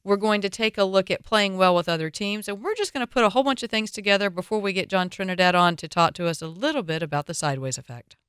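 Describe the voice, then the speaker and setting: Smooth-voiced Southern woman hosting a wine show. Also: medium pitch, fast, few pauses, a bit bright, no echo, clean studio sound. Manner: chatty, opinionated, playful asides. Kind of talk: radio talk show.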